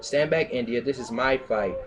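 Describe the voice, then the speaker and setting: A protective young hero, determined to fight, read aloud by a man. His voice sits at a middle pitch, a little raised, like lines read straight from a page. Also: moderate pace, background noise, close to an everyday voice.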